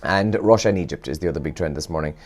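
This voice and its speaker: A man's voice: rumbling low, very fast, darkish tone, faint music behind. A young Irish man hosting a morning radio show, chatting casually and rambling a bit, sounding tired and yawning. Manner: chatty, rambling and self-deprecating.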